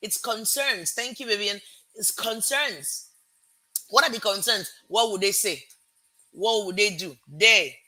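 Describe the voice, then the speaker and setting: A woman hosts a motivational live stream with an accent that blends American and Nigerian. Her voice is bright and forceful, and her delivery stays energetic and conversational. She greets her audience warmly and stops now and then to correct her own words. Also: mid-range voice, unhurried. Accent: American-Nigerian mix. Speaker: host.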